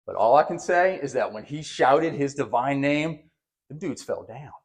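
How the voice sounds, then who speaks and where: A man preaching a sermon as pastor, animated, acting out quotes with a raised voice and often repeating words. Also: mid-range voice, normal speed.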